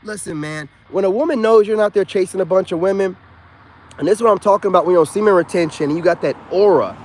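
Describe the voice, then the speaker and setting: Emphatic ranting man, slightly high voice. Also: quick pace, darkish tone. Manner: emphatic, scolding, repeats himself for emphasis; slangy, calls listeners man and bro. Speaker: self-styled spiritual dating coach. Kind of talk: casual rant to camera.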